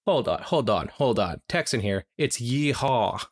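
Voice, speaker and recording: A man's voice: on the low side, very animated, moderate pace, breathy edge, dry recording. A man co-hosting a podcast, bantering in a dry, teasing way. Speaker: podcast co-host. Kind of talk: casual banter while reading.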